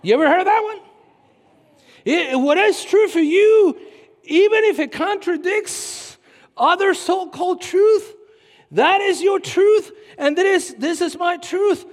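A man preaching a sermon as pastor, animated, with sudden shouts and mocking put-on voices. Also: extremely high pitch, takes it slowly, long reverb tail.

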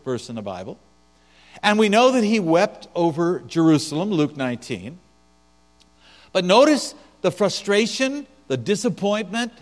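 A man preaching a sermon as pastor, swinging between soft, quiet passages and loud, emphatic ones. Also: high-pitched. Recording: long hall reverb with mains hum.

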